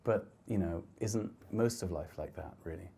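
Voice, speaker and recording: A middle-aged man with a low, mellow voice talks through his photographs in a lecture hall. He speaks gently and thoughtfully, often stopping to restart his sentences. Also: moderate pace, creaky, slight background noise. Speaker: photographer giving a talk. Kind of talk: reflective slide talk.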